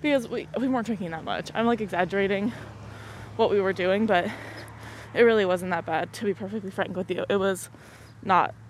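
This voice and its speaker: A woman's voice: medium pitch, fairly quick. Young woman, rambling casual chat, frequent laughs, outdoor phone recording, faint traffic behind. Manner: chatty, rambling, laughs often. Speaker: podcast host. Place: outdoors on a muddy walk. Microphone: phone in pocket.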